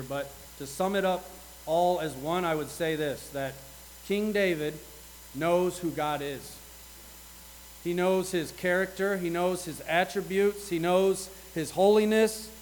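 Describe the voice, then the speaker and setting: A man with a high voice preaches an earnest sermon to his congregation. He reads scripture aloud with rising intensity. A faint hum sits underneath the recording. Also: rough recording.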